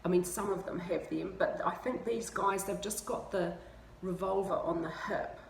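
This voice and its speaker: A woman's voice: on the low side, fairly even intonation, normal speed, creaky. A woman from New Zealand with a New Zealand accent, chatting casually to camera in a self-mocking way and laughing often. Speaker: vlogger. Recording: roomy with faint ambient noise.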